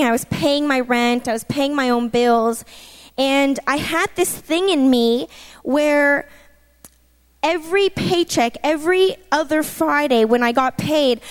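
A woman with a bright, high voice preaches a personal testimony. She speaks in an emphatic, conversational way and keeps turning to her listeners with asides. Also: a little slow, big-room sound.

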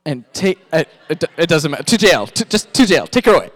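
A man's voice: on the high side, expressive, a little fast, fairly bright tone. A man from Pakistan, a pastor, animatedly narrating a sermon skit and directing volunteer actors.

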